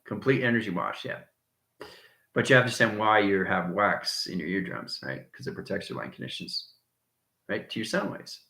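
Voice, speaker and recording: A man giving a rambling spiritual monologue, chuckling often and swinging between soft and loud talk. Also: lowish voice, moderate pace, vocal fry, reverberant. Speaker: channel host.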